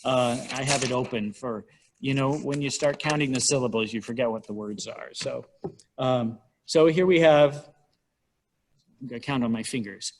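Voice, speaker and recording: Brief: middle-aged man, church talk on hymns, chatty, wry asides, mid pitch. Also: moderate pace, a little hiss or hum. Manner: chatty and wry, counting syllables aloud with rising pitch. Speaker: church musician giving a talk on hymnals. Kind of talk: informal church lecture.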